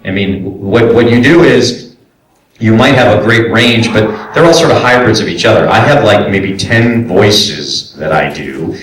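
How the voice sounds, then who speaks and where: A man's voice: on the low side, lively intonation, measured pace, a little hiss or hum. Chatty man at a convention panel. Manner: loose and chatty, many fillers and restarts. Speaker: voice actor and director on a convention panel. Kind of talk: casual Q&A talk to a live audience. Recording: echoey room from far off.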